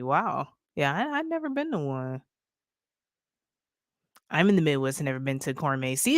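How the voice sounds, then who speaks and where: A woman from Detroit hosting a casual livestream, reading viewer comments aloud in a playful, animated way and laughing often. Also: mid-range voice, dry recording, studio quality. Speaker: livestream host.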